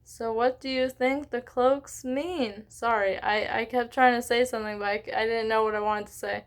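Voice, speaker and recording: A woman's voice: on the high side, fairly even intonation, normal speed. A woman hosting a read-along, narrating a book and stopping to chat, ask questions and apologize for her slips. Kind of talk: children's book read-aloud.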